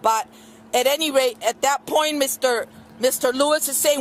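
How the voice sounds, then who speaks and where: A woman's voice: high voice, normal speed. A middle-aged woman gives an earnest, rambling witness statement at a press conference, with many fillers. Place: outdoor street press conference. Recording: news camera outdoors, faint street noise.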